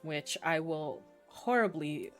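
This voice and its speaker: A woman's voice: low voice, expressive, slow, faint music behind. A young woman narrating a tabletop game as game master, hesitant with many fillers.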